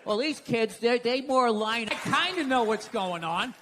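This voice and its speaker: A man's voice: very high-pitched, expressive, unhurried. A man doing a stand-up comedy set, ranting and sarcastic with a lot of profanity, in front of a live audience. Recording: live show with loud crowd laughter and room noise.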